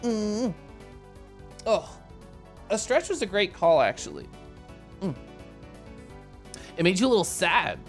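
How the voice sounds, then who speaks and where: A man chats to his livestream viewers about VR chat meetups in a giggly, bubbly way, with lots of asides, tipsy from earlier whiskey. His voice is high with big pitch swings, and he speaks slowly with long pauses over soft background music.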